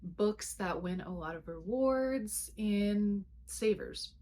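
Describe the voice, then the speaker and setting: A woman's voice: medium pitch, expressive, slow, dark tone, slight background noise. A young woman chatting casually as she shows books to the camera, with lots of fillers and asides. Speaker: booktuber. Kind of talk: casual vlog chat.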